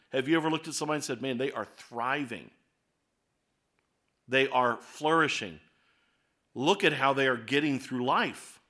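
A man preaching a sermon as pastor, explaining scripture in a conversational way and reading verses aloud, slowing down and speeding up for emphasis. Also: a little high, pushed and bright.

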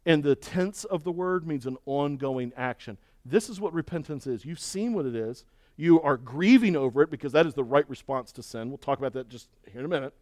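A man's voice: fairly high pitch, brisk, darkish tone, no room sound, clean studio sound. A man preaching a sermon as pastor, emphatic and folksy, leaning on rhetorical questions and repeated words.

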